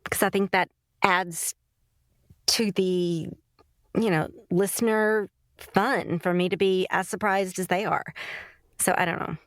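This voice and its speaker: A woman's voice: lowish voice, fairly even intonation, a little slow, pauses often, dry recording, studio quality. A woman who narrates audiobooks, chatting casually as a podcast guest in a loose, rambling way. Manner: chatty, loose, full of "like" and "you know". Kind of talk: casual interview chat.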